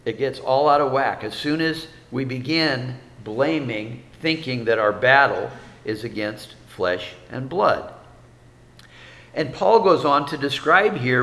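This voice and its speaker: A man's voice: fairly high pitch, expressive, measured pace, vocal fry, fairly bright tone, reverberant, long reverb tail. A man preaching a sermon as pastor, folksy, with rhetorical questions and repeated phrases.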